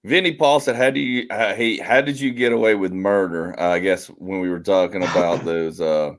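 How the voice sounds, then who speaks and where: Forties man, low voice, podcast host, chatty and rambling. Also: moderate pace. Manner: rambling, chatty, reads out listener comments. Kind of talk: casual chat.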